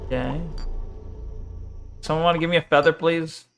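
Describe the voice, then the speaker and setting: A man's voice: on the high side, steady tone, normal speed, vocal fry, over music. Joking man streaming a game. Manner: chatty, joking, reads chat aloud, casual swearing. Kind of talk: casual live game commentary.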